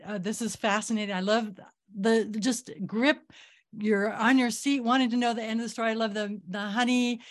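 A woman's voice: fairly high pitch, fairly even intonation, normal speed. A woman moderating an online talk, praising the stories with enthusiasm before handing over to a participant.

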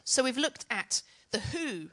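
A woman's voice: high-pitched, very animated, unhurried, fairly bright tone. Chatty woman teaching on worship. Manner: chatty and self-mocking, with asides. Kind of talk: teaching talk to church leaders.

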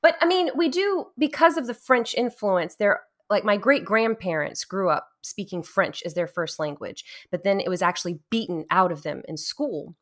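Lively woman from Louisiana, chatting. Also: medium pitch, normal speed, hardly any pauses. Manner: animated storytelling, laughs often. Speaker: podcast co-host. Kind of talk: casual chat about a video game.

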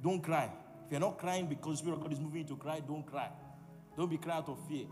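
Preacher with a rising, forceful delivery. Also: male voice, a little high, steady tone, fast. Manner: forceful, repetitive call-and-response preaching. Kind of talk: sermon. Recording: long hall reverb with music. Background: music.

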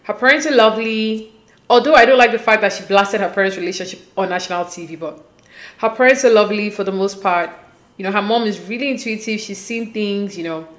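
A woman giving a casual, opinionated recap of a reality show, slipping quoted lines into her talk. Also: medium pitch. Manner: animated, quotes people in quick asides. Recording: echoey room.

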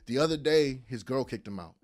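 A man in casual podcast chat, telling a story with animated voices for the people he quotes and laughing often. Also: medium pitch, a little fast.

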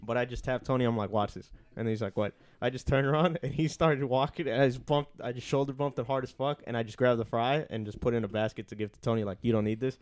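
A young man co-hosting a casual podcast, telling profane, animated stories and acting out the dialogue. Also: mid-range voice, quick pace, hardly any pauses. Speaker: podcast co-host. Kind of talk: casual storytelling chat.

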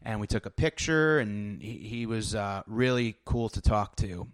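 Man, 30s, podcast host; low, smooth voice, dry close sound; loose, swearing, self-mocking storyteller. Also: measured pace, no room sound. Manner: rambling, profane, self-deprecating, many fillers and restarts. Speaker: podcast host and stand-up comic. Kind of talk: casual storytelling monologue.

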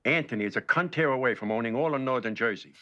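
Brief: an actor as an old mob uncle, gruff and threatening, low voice, from a TV drama. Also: male voice, quick pace, pushed and bright, dull audio, close to an everyday voice. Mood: menacing.

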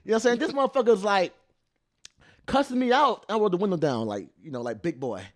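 A young man co-hosting a podcast, telling stories in a profane, animated casual chat. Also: high voice, quick pace, no echo, studio quality. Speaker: podcast co-host.

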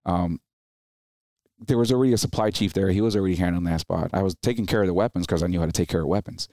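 A man's voice: low voice, quick pace, no echo, clean studio sound. A man in his thirties, a military veteran guest, telling stories in a casual interview and acting out the people he quotes. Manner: animated, acts out quoted people in raised voices. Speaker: podcast guest, Marine veteran.

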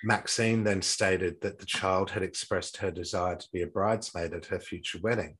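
Deep husky male host, casual true-crime retelling, trips over his notes. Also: steady tone, moderate pace, fairly bright tone, rough recording. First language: not English-accented, says his English accent is poor. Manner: reads from notes, stumbles and restarts often.

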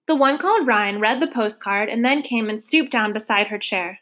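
A woman reading a novel aloud for listeners to follow along, in a steady storytelling manner. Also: fairly high pitch, normal speed, few pauses. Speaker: reader.

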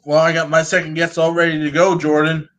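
A man joining a casual podcast chat, excitable and cheering over his guesses. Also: on the high side, a little fast. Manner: excitable, cheering when he scores.

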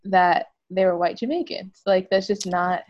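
A woman's voice: medium pitch, steady tone, unhurried, a little mellow, dull audio. A woman in a casual chat, curious and telling a story with light laughs.

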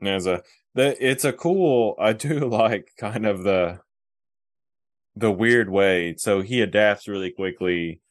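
A man's voice: on the low side, slow, no echo, studio quality. A man co-hosting a casual comics podcast, laid-back and sprinkling his talk with "man" and "like". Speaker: podcast co-host. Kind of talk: casual chat.

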